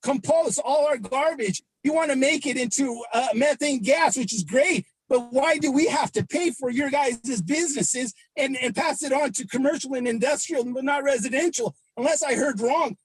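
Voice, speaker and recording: Agitated high-voiced man, husky. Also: normal speed, hardly any pauses, no room sound, low-quality recording. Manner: agitated, stammering, repeats himself. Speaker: public commenter. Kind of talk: heated public comment.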